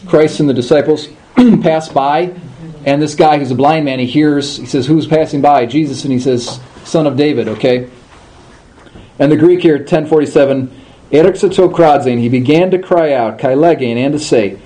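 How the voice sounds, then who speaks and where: A man explaining liturgy to a group in a conversational, teaching way, checking in with his listeners and slowly sounding out chanted words. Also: on the high side, mellow, rough recording. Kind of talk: informal class talk.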